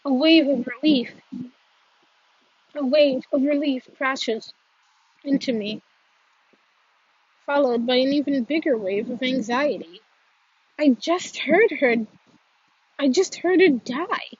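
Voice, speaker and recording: A woman with a high-pitched voice reads a first-person novel aloud as an audiobook, slowly and with long pauses. Her delivery is earnest and emotional, and she often restarts her words. The recording is dry, dull, and lo-fi.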